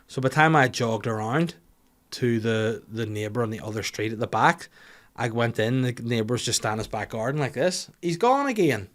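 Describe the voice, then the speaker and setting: A Northern Irish man in his thirties, a comedian hosting a podcast, rambles through a comic story in a casual monologue, swearing freely. His mid-range voice is fairly bright and moves at normal speed.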